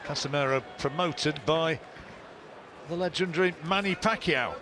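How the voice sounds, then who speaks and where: A man doing live boxing commentary, measured play-by-play that lifts on big moments. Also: fairly high pitch. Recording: commentary mix with loud arena noise.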